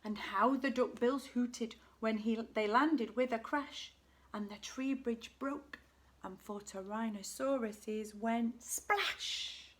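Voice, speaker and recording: A teacher reading a children's picture book aloud with expressive delivery. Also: female voice, on the high side, slow. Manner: expressive, shifting voices and volume. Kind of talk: storybook read-aloud for children.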